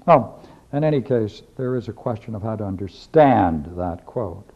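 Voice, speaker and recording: A man with a lowish, darkish, slightly breathy voice and lively intonation teaches a philosophy class at normal speed, lecturing emphatically and repeating key phrases while reading and discussing scripture. It is a dull, lo-fi videotape recording.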